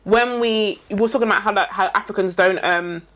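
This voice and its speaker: A woman in casual chat, telling stories in an animated, mock-outraged way and laughing often. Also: medium pitch, brisk.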